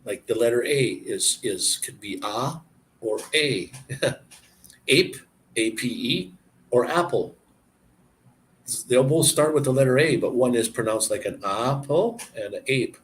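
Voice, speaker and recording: A man chatting casually and explaining words, halting and searching for words as he goes. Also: mid-range voice, lively intonation, a little hiss or hum. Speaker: person explaining language to a visitor. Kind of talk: casual chat.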